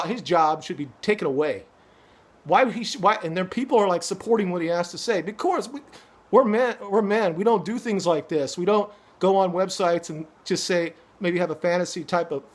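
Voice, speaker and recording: Ranting middle-aged man, higher voice. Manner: heated, swearing, stumbling restarts. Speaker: vlogger. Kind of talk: angry opinion rant to camera.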